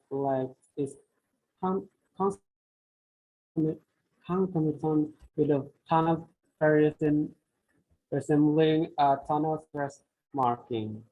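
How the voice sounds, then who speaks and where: A young adult student whose first language is Indonesian gives a class presentation, halting and often restarting phrases. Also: mid-range voice, narrow, tinny audio.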